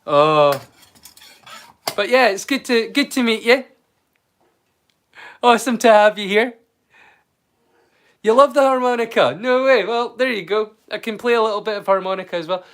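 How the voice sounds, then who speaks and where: A Scottish man with a notably high voice, hosting a relaxed live stream. He rambles chattily to his viewers in loose, offhand talk and drops the odd swear. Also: normal speed, pauses often, smooth. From Scotland. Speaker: live-stream storyteller host. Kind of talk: casual live-stream chat.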